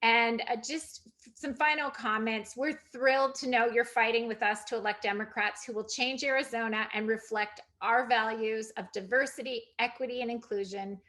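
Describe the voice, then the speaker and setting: Party chair, woman, slightly high voice, wrapping up a video call meeting. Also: fairly even intonation, moderate pace, few pauses. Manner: warm thanks, chatty with fillers.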